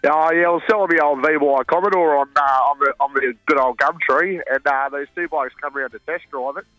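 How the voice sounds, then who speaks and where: A man's voice: fairly high pitch, a little fast, sharp tone, no echo. A man with an Australian accent calling in on the phone to tell a rambling story. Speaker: caller. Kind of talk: telling a story on talkback radio. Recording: tinny phone line, music underneath.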